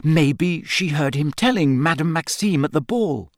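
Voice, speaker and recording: A man reading aloud and voicing a clever, earnest teenage schoolgirl who talks quickly. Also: a little high, expressive, no room sound, studio quality, voice pushed up.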